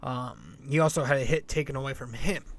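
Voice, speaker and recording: A young man hosts a sports podcast at a brisk pace in a medium-pitched voice. His talk is casual and blunt, rambling along with plenty of swearing.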